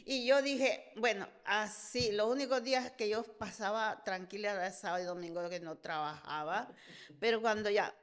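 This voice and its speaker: Animated older woman telling anecdotes. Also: medium pitch, fairly quick. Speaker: podcast guest, host's mother. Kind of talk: casual storytelling chat.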